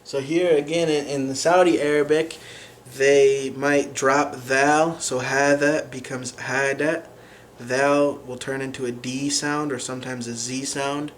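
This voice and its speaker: A man explaining a language lesson in an unhurried way, pausing often with fillers as he works through examples. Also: medium pitch, level tone, a little hiss or hum. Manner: unhurried, many fillers and restarts while explaining. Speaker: language teacher.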